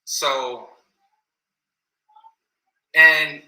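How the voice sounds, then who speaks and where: A man's voice: fairly high pitch, fairly even intonation, very slow, pushed and bright. A man telling a story in a casual, rambling way, full of slang and repeated phrases, in an echoey room.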